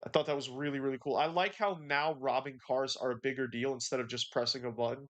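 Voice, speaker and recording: A man's voice: mid-range voice, steady tone, fast, a bit bright. A man hosting a casual livestream. He is laid-back and slangy, and he reads out chat messages and answers them. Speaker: livestream host.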